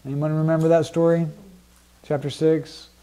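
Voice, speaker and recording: A man's voice: a little high, little pitch movement, normal speed, mellow, clean tone. A man teaching a Bible study group in a casual, conversational way, with many fillers and frequent questions to the class.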